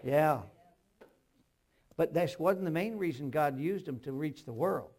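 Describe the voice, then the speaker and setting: The speaker is an elderly man preaching as a pastor, alternating soft storytelling with loud, emphatic outbursts and humorous side remarks. His voice is a little high and he talks a little slowly.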